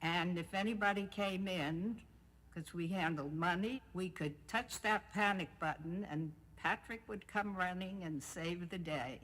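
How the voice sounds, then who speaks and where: A woman's voice: lowish voice, unhurried, fairly bright tone, low-quality recording. A woman recalling a story from her work in a matter-of-fact way.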